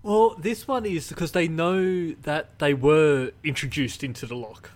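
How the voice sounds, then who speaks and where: A man's voice: a little high, measured pace. A man co-hosting a casual podcast, reading out news items with hesitant ums. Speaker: podcast co-host presenting news stories. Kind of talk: casual chat.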